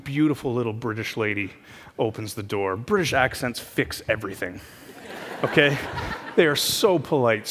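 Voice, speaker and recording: A man telling a funny story from his own life in a sermon, self-mocking and animated. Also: medium pitch. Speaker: preacher. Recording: hall reverb with faint background noise.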